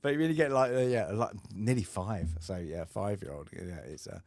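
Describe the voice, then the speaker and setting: A man's voice: lowish voice, fairly quick, dry recording. A man co-hosting a podcast, telling family stories in casual chat and acting out the voices. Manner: animated storyteller, acts out voices. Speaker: podcast co-host.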